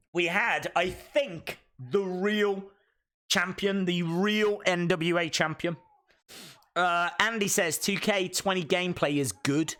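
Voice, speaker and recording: A man chatting through a live watch-along reaction stream. He is excitable and reads out viewer comments as he goes. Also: sits high.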